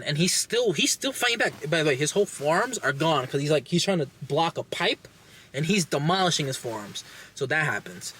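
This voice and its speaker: A young man casually recapping a movie plot with lots of swearing, animated and acting out lines. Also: a little high, slightly rough. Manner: animated, profane, acts out characters' lines. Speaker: podcast host reviewing a movie.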